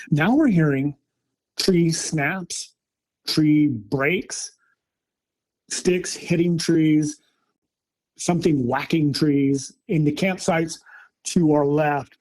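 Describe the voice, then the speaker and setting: A middle-aged man casually telling an excited story about a camping trip with his family. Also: fairly high pitch. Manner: animated, excited retelling with acted quotes. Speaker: storyteller recounting a camping encounter.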